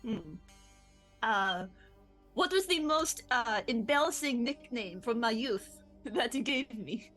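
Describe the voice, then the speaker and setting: A woman's voice: fairly high pitch, animated, a bit bright, faint music behind. A woman playing in a tabletop game, playful and joking. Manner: playful, laughing, unhurried. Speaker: player.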